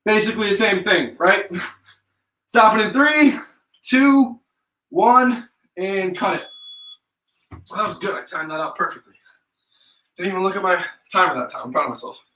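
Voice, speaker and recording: A man's voice: high voice, moderate pace, pauses often, sharp tone. A young man with an upstate New York accent leading a live follow-along workout, counting reps aloud and chatting casually between sets. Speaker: fitness instructor. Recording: echoey room, voice from a distance.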